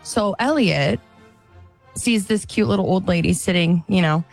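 A woman co-hosting a radio show from a studio, telling a story in an animated, laughing way. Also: lowish voice, measured pace, vocal fry, faint music behind. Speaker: radio co-host. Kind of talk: casual on-air storytelling.

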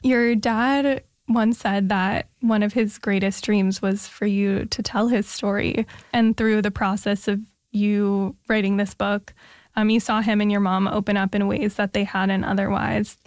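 A woman's voice: medium pitch, flat delivery, measured pace, no room sound, clean studio sound. A woman interviewing a guest, encouraging and thoughtful as she asks her questions. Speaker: interviewer, host. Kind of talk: casual interview conversation.

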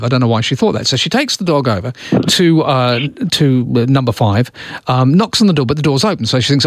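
A man's voice: medium pitch, lively intonation, normal speed, no echo, clean studio sound. A man hosting a call-in radio show, chatting with callers and telling anecdotes, acting out voices as he goes. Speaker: radio host.

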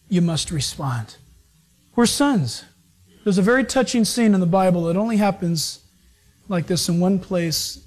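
A man preaching a sermon as pastor, moving between loud, acted-out lines and hushed, serious passages. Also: high voice.

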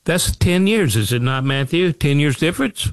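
A man's voice: a little high, lively intonation, moderate pace, dry recording. A man hosting a financial talk show, speaking in a folksy way, repeating phrases and asking himself rhetorical questions. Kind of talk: radio talk show monologue.

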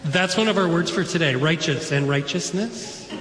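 A high-pitched man preaches in a relaxed, enthusiastic way, chatting with his congregation. His voice rings through a roomy church sanctuary with a long, echoing tail and faint room noise behind it. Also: normal speed. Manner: casual, enthusiastic preaching with pop culture asides. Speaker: pastor. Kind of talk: sermon. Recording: echoey church hall.

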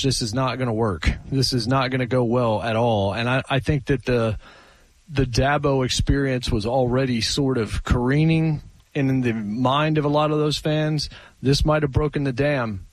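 A man co-hosting a sports talk show, opinionated and animated, often restarting his sentences. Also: medium pitch, moderate pace, no room sound, low-quality recording.

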